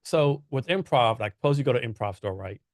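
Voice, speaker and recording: A man hosting a casual podcast, asking winding questions padded with fillers. His voice has an average pitch for a man, and the recording is dry and close. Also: lively intonation, a little fast, no echo. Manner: rambling questions with many fillers. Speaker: podcast host. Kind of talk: casual interview chat.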